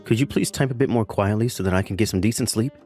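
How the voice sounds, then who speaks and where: A man's voice: fairly low pitch, fast, a little mellow, faint music behind, natural voice. A man voicing a defensive husband who pretends to be a success, pleading and making excuses, in a text-story dramatization.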